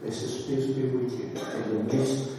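A man's voice: mid-range voice, flat delivery, normal speed, warm tone, slight background noise. A man preaching a sermon to his church in a conversational way, with fillers and restarts. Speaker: pastor. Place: church hall. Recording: echoey hall from far off.

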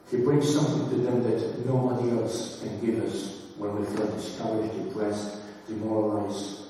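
Pastor rambling through a sermon, dark mellow voice, roomy church hall, faint room noise. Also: male voice, fairly low pitch. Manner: conversational, with many fillers and restarts. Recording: echoey hall from far off.

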